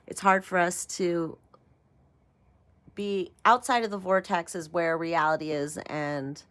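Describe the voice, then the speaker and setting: A woman who runs her own tarot channel chats casually and ramblingly in a lowish, slightly bright voice with a steady tone and measured pace. It's a relaxed spiritual vlog, and she laughs often while poking fun at herself.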